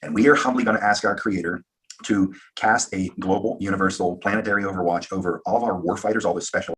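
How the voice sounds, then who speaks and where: A man's voice: low voice, fairly even intonation, fast talker, a bit bright, slightly rough. A man hosting a live-stream round table, talking in a brash, rambling, fired-up way. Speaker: live show host.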